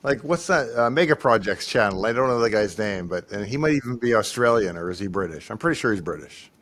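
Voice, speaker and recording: A man hosting a casual livestream Q&A, answering in a measured way with dry humor. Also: on the low side, lively intonation, fairly bright tone. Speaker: host.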